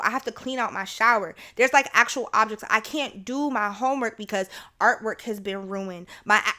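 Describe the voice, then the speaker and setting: A woman's voice: mid-range voice, sharp tone. A young woman hosting a podcast, telling a personal story in a frank, chatty way, with filler words and swearing. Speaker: podcast host. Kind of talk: candid storytelling monologue.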